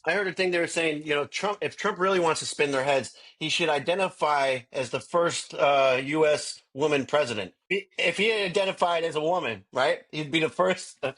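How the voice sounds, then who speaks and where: A man's voice: a little high, normal speed, hardly any pauses, fairly bright tone. A man co-hosting a podcast, chatting casually, often laughing and egging the others on. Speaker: podcast host. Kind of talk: casual chat.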